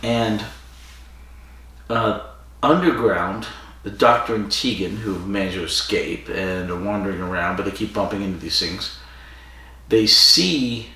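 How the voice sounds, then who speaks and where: A man's voice: on the low side, unhurried, long pauses, pushed and bright. A man co-hosting a casual podcast, recapping the plot of an episode with plenty of fillers and restarts. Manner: rambling, with frequent fillers and restarts. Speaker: podcast co-host. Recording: roomy and distant from the mic.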